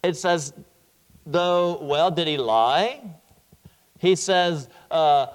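A man preaching a sermon, slow and earnest, often repeating his words as he explains the text. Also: a little high, smooth, in a large hall.

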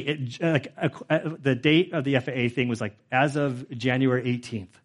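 Middle-aged man, pastor, casual sermon, lots of fillers, average pitch. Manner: conversational, frequent fillers, grows emotional.

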